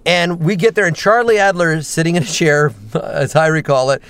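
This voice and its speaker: A man, a voice actor and stand-up comedian, telling animated stories and slipping into character voices. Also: fairly high pitch, clear, resonant tone. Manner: lively storyteller, quick jumps into character voices. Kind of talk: animated anecdotes with voice impressions.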